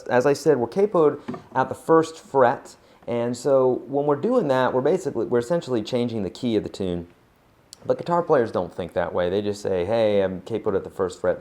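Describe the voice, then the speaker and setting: Low-voiced man teaching guitar. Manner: relaxed, chatty, counts beats aloud while playing. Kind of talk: casual guitar lesson. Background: acoustic guitar playing.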